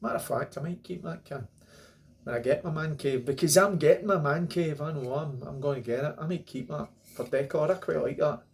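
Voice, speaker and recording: A man's voice: fairly high pitch, a little fast, gravelly, slight background noise. A middle-aged man with a Scottish accent talks his way through a beer review to camera. He is chatty and rambling, tossing in jokey asides as he goes. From Scotland. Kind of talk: casual beer review monologue.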